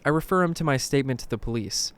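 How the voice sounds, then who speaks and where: A man narrates spooky first-person stories in a scripted, dramatic reading. His voice sits at a middle pitch. He drops into a hush when the tension builds and jumps up when things go wrong. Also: animated, fast, clean tone. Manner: dramatic, hushed at tense moments, bursts of alarm. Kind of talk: scripted horror story narration.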